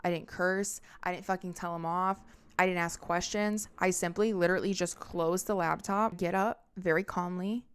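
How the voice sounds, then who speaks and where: A woman's voice: fairly low pitch, steady tone, moderate pace, clear, resonant tone. A young woman hosting a podcast, telling a personal story in a candid, intense monologue full of swearing. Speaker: podcast host.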